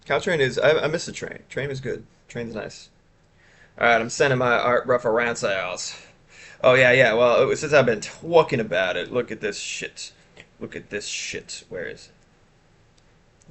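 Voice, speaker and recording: A man's voice: medium pitch, fairly bright tone. A man streaming live, chatting casually and rambling with chat while showing his art. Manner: rambling, chatty, self-interrupting.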